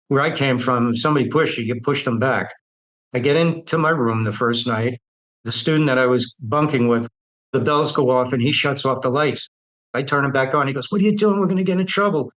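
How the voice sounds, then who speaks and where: A man's voice: medium pitch, fairly even intonation, brisk, a bit bright, rough recording. An older man bluntly retelling his own life story, with streetwise, quoted dialogue. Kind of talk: personal storytelling.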